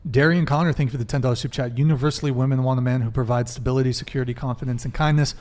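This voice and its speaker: This is a man hosting a live dating talk show, his voice sitting at a middle pitch. He reads viewer messages aloud and presses his guests with follow-up questions. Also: steady tone, racing, darkish tone. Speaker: host.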